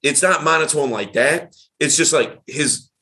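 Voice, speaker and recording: A man, a dating coach and podcast host, talking in a casual chat with an animated, emphatic delivery. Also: on the high side, unhurried. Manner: animated, emphatic, varied tonality.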